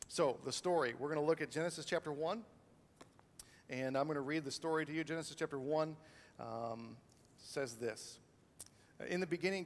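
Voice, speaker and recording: Pastor preaching in an echoing church hall. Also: male voice, fairly high pitch. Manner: conversational, many fillers and restarts, asks "right?". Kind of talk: sermon. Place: church sanctuary.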